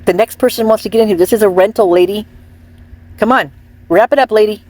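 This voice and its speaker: A woman playing a pushy, impatient man who bangs on a window to hurry renters out, with a husky voice. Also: mid-range voice, quick pace, a little mellow, no echo, pitched above the performer's own voice, lightly acted. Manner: bossy, impatient. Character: pushy male landlord rushing out renters.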